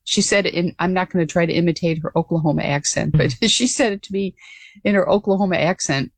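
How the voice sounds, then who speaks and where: Older woman, guest interview, animated storyteller, dry sound. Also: lowish voice, a little fast, no room sound. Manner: earnest, animated storytelling with frequent restarts. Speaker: guest, former pilot.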